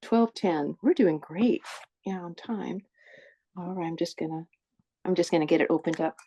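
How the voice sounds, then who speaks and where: A woman's voice: lowish voice, moderate pace, warm tone, slightly rough. A woman presenting to a group over a video call, talking in a chatty way, often correcting herself and apologizing. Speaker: presenter of a support group session. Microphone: earbuds with a phone.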